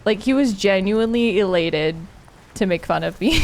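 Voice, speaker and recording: A woman's voice: medium pitch, big pitch swings, a little slow, a little mellow, slight background noise. A woman with a Californian Valley Girl accent, chatting casually as a streamer, dropping "like" constantly and laughing often. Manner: fills speech with "like" and "oh my God", laughs often. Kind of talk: casual chat while gaming.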